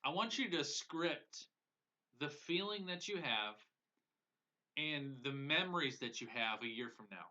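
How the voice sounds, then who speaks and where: A man's voice: fairly high pitch, expressive, a little slow, pushed and bright. A man coaching viewers on a live broadcast in an earnest, emotional way, often repeating phrases for emphasis. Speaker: business coach. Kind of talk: live-streamed motivational coaching. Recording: dull lo-fi audio.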